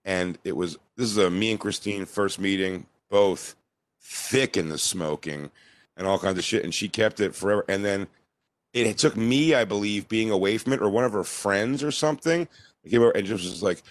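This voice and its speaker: A man's voice: lowish voice, lively intonation, moderate pace, dry recording. A man co-hosting a podcast, crude and teasing in casual comedic chat. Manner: crude, teasing, acts out quoted lines. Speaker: podcast co-host.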